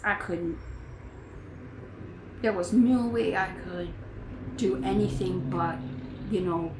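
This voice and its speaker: A woman hosting a knitting podcast, talking in an earnest, rambling, heartfelt way. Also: fairly low pitch. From United States. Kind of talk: casual chat. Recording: echoey room with faint noise.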